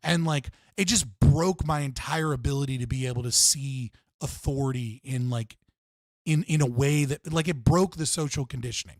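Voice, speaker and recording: A man's voice: mid-range voice, moderate pace, dry recording, clean studio sound. A man hosting a casual livestream, telling rambling stories full of swearing and fillers. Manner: profane, rambling storytelling with frequent fillers. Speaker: streamer host.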